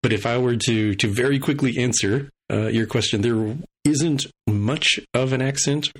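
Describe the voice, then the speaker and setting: A man's voice: mid-range voice, normal speed, breathy edge. A man from Texas and Washington State co-hosting a podcast, explaining things thoughtfully in casual chat. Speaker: podcast co-host.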